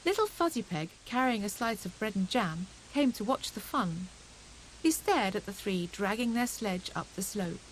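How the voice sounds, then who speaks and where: A woman narrating a children's storybook audiobook in a gentle, expressive reading. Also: medium pitch, moderate pace, slight background noise, poor audio.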